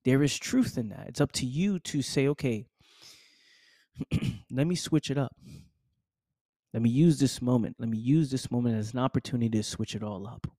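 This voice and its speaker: A man hosts a podcast with a preachy motivational monologue aimed straight at the listener, repeating phrases and calling them "fam." His voice is medium in pitch and mellow at normal speed, with frequent pauses, on a dry, clean studio recording.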